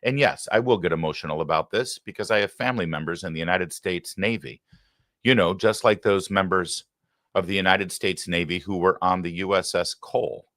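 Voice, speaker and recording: A man's voice: sits low, brisk, fairly bright tone, no echo. A man hosting a live political commentary show, talking in a sarcastic, heated and combative way into a close studio mic. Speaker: political talk show host.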